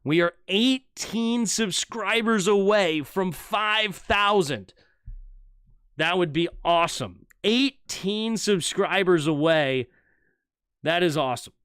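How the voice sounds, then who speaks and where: Bright, high-voiced fan play-by-play man. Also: smooth, dry recording, studio quality. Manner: animated, fast shifts between calling plays and chatting. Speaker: streamer doing play-by-play. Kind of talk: live fan play-by-play commentary.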